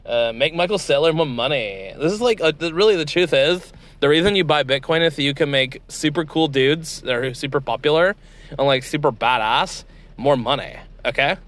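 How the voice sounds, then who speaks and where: A man's voice: on the high side, moderate pace, fairly bright tone, natural voice. A man doing a crude valley-girl crypto bro. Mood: irritated. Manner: valley-girl drawl, filler-heavy, crude and swaggering.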